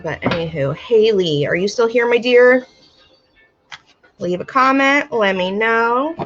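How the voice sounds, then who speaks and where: Through lo-fi sound and soft background music, a woman with a fairly high, expressive voice hosts a casual oracle card reading on a live stream from home, speaking at a measured pace. She calls her viewers "my dear" and "my love" warmly, though allergies have her sneezing and her eyes itching.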